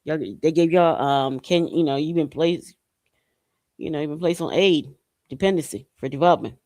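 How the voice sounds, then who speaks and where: A man from Haiti hosts a casual commentary podcast, speaking in a slightly higher register than most men. His delivery is slangy and animated, punctuated by loud whooping exclamations. The recording is dry and close. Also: moderate pace, dry recording. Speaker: podcast host.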